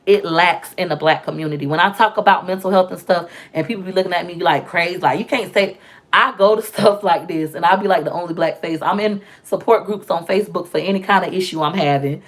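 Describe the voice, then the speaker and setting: A woman's voice: lowish voice, fast, few pauses. A woman talking candidly to camera, telling personal stories in a casual vlog and acting out the voices of people she quotes. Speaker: vlogger and mother.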